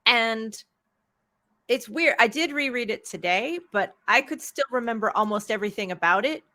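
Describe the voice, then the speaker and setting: Female interviewer, bright voice, playful and chatty on a video call. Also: a little high, animated, moderate pace. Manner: playful, joking banter. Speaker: author interviewer. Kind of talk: casual chat.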